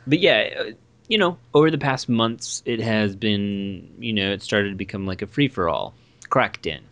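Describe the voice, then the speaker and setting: A young man chatting casually, telling a rambling roommate story with lively asides. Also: on the low side, moderate pace, no echo. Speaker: guest storyteller. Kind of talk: casual chat.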